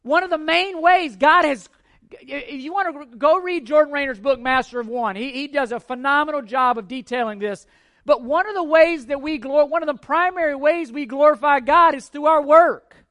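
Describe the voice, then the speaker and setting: Here a pastor teaches through a sermon at normal speed, his very high-pitched voice fairly bright in tone. He stays earnest and emphatic, restating the main points and questioning listeners rhetorically.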